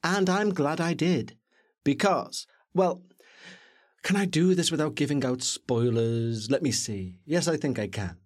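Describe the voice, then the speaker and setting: A man co-hosting a podcast, reviewing a film in a chatty, jokey, animated way. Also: a little high, measured pace. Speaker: podcast co-host. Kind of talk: casual film review chat.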